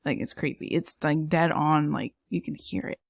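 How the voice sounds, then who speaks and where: Low-voiced woman chatting on a podcast. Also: moderate pace, vocal fry, dry recording, studio quality. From lived in San Antonio, Texas. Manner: chatty, laughs often, many fillers. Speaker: podcast co-host. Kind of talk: casual chat.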